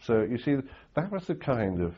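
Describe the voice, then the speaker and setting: A man's voice: medium pitch, big pitch swings, moderate pace, slightly rough, dull audio. An older man telling anecdotes in an interview, rambling with restarts and fillers. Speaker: interviewee recalling war reporting. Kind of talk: storytelling in an interview.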